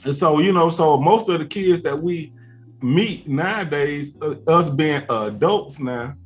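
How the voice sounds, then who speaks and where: A man's voice: a little high, a little slow, faint music behind. Laid-back man spinning a long story. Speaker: host. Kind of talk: casual chat, storytelling.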